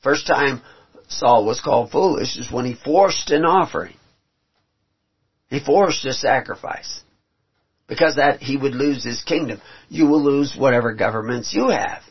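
A man's voice: medium pitch, husky. A man preaching a sermon, reading scripture aloud and explaining it in an earnest way that climbs to emphatic peaks. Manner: earnest, rising to emphatic peaks, halting restarts. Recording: dull lo-fi recording.

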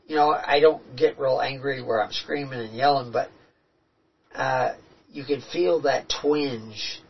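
A man with a husky, breathy timbre shares spiritual experiences in relaxed conversation. His delivery is earnest and reflective. The recording sounds dull and a little distant from the mic. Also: medium pitch. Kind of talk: casual spiritual talk.

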